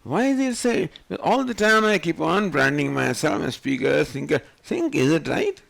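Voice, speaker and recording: Lecturing on scripture, an older swami questions his listeners over and over, animated and rhetorical. His gravelly voice sits on the high side and moves at a moderate pace.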